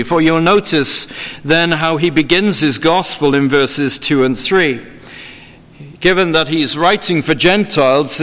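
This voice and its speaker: Male preacher, fairly high voice, measured formal sermon delivery, long church reverb. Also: fairly bright tone. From England.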